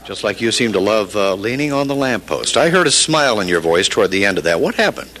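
Quick, lively male radio interviewer. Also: on the low side, heavy background noise. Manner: brief, curious prompting questions.

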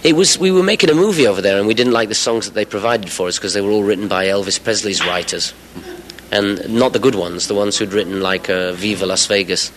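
A man's voice: fairly low pitch, a little fast, fairly bright tone, slight background noise, poor audio. A man in his forties from England, chatting as the guest in a radio interview, rambling with fillers and the odd laugh. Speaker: musician guest.

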